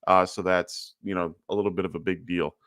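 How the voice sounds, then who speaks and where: Deep-voiced and brisk, this fantasy football livestream host answers live questions in casual commentary, his pitch barely moving and his tone fairly bright. He has a slight lisp, uses lots of fillers in a loose, chatty manner, and seems tired from little sleep. The studio recording has no room sound.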